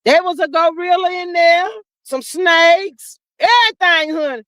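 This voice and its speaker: A woman hosting a casual livestream, reading chat comments aloud and riffing on them with sassy, animated commentary, calling viewers "child" and "honey.". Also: extremely high pitch, measured pace, dry recording.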